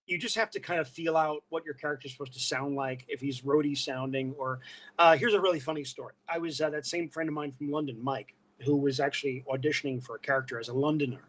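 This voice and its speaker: A man with a New York accent, originally from Brooklyn, guesting on a podcast and telling animated stories that slip into voices. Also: fairly high pitch, quick pace. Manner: animated storyteller slipping into voices. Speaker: guest, illustrator and voice performer. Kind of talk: casual podcast interview.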